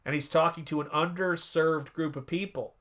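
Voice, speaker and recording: A man hosting a live stream, chatting casually in a rambling, animated way and often cutting himself off. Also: fairly high pitch, normal speed. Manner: rambling, animated, self-interrupting. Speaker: livestream host and artist.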